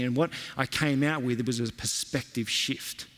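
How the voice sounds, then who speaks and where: A man preaching a sermon with an earnest, emphatic delivery, his voice sitting a little high for a man. He drives points home by repeating key phrases. The long reverb of a church hall trails each line. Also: fairly even intonation, brisk, hardly any pauses. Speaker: pastor.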